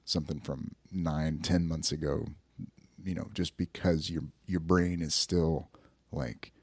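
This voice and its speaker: Deep-voiced laid-back male host, dry sound. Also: little pitch movement, a little slow, a little mellow, no echo. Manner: musing, laid-back, trails off in filler. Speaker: podcast host. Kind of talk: casual podcast chat.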